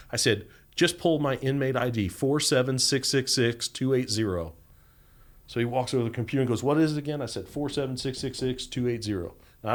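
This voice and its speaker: A middle-aged man, a podcast guest, telling stories animatedly and acting out the voices of people he quotes. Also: mid-range voice. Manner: animated storyteller, acts out quoted voices, laughs often. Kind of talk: storytelling interview.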